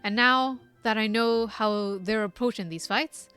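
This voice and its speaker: Woman putting on a low, rough-dialect old summoner guy, folksy, bright tone. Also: a little slow, faint music behind. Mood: gruff, fond. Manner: drops into dialect words like 'me' and 'ye'.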